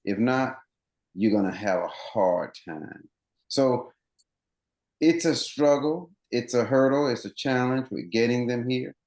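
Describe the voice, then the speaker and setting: A man's voice: medium pitch, a little slow, darkish tone, reverberant. A man running coach, interviewed as a guest on a podcast, explaining things earnestly at length with many restarts.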